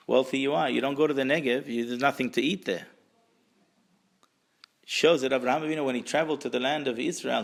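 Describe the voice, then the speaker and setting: Male Torah teacher with a fry-edged, mid-pitched voice; animated classroom storyteller who quizzes the room and drops in Hebrew terms. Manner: animated, asks the audience questions, repeats words while searching; mixes in Hebrew and Aramaic terms.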